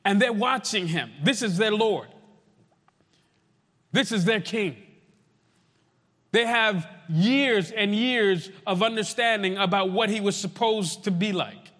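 A high-pitched male preacher delivers a sermon with long hall reverb around him. He drives his points home with repeated phrases and drawn-out, weighty pauses. The sound carries like a large church. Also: fairly bright tone. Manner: emphatic repetition, slowing for weight.

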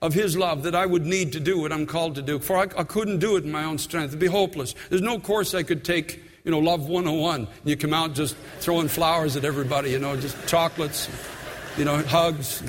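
A man's voice: on the high side, steady tone, brisk. Older man preaching in a reverberant hall. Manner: earnest, personal storytelling preaching. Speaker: pastor. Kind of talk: sermon.

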